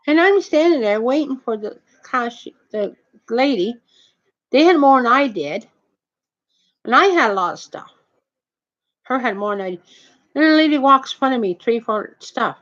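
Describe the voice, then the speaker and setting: A woman's voice: high-pitched, very animated, a little slow, long pauses. A woman telling a long, indignant story in a rambling way, with many restarts, swearing and "you know what I mean" tags. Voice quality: heavy swearing, nonstandard grammar. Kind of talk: casual storytelling rant. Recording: dull lo-fi audio.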